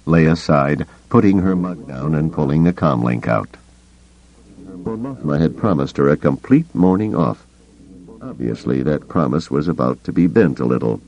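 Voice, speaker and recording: A man reading an audiobook as its narrator in measured, scripted storytelling. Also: rumbling low, sing-song, a little mellow, highs cut off.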